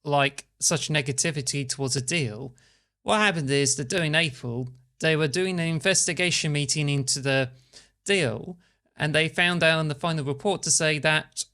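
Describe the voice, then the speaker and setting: A man hosting a podcast, chatting casually and reading news articles aloud in a measured way. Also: on the high side, sharp tone. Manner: measured, reads articles aloud, segues between topics. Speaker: podcast host.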